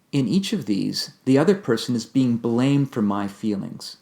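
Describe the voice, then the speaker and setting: A man giving a calm, measured instructional talk on communication, explaining ideas step by step. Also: medium pitch, vocal fry. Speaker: communication teacher.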